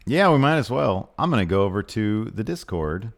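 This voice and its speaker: A man's voice: on the low side, big pitch swings, normal speed, creaky. A man co-hosting a casual wrestling podcast, joking around with his co-host and reading listener questions. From American South. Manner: playful, jokey, shifts into mock-announcer delivery. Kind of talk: casual chat, reading previews aloud.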